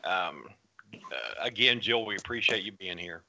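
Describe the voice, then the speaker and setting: A man hosting a casual podcast, introducing guests in rambling, halting sentences. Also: low-pitched, bright, forceful tone, lo-fi sound, slight background noise. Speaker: podcast host.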